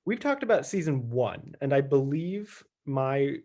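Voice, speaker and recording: A man co-hosts a relaxed podcast chat in a mid-range voice. He teases his partner with deadpan, mock-formal questions. His delivery stays dry and casual. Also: mid-range voice, unhurried. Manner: deadpan, teasing interviewer. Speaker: podcast co-host.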